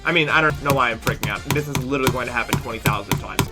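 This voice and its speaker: A young man giving casual live commentary while playing a game, swinging from mumbles to loud frustrated outbursts. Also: mid-range voice, rapid-fire. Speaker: gaming streamer. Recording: game music playing clearly behind.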